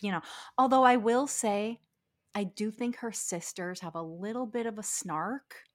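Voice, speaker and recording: A woman's voice: mid-range voice, unhurried. A woman with a Scranton, Pennsylvania accent, co-hosting a casual podcast chat, blunt and emphatic and swearing freely. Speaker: podcast co-host.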